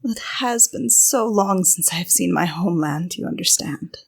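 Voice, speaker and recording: A woman playing a composed, formal adventurer who speaks in a clipped, mock-polite way, with a gravelly, husky voice. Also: lowish voice, expressive, moderate pace, heavily acted.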